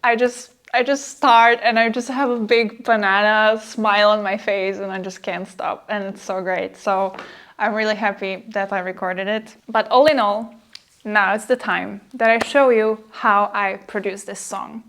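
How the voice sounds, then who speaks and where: A woman's voice: mid-range voice, steady tone, unhurried, a bit bright. A woman narrating her music production vlog in a chatty, easygoing way, often breaking into giggles.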